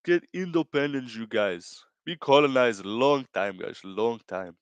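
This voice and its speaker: A mock Brazilian fighter, as a streamer puts him on, speaking earnest broken English in a thick Brazilian Portuguese accent. Each short phrase is slow and simple and usually ends with "you guys." The voice sits at an ordinary male pitch, recorded close and dry with no room sound. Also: clear, resonant tone, dry recording, close to an everyday voice. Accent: Brazilian Portuguese accent, put on.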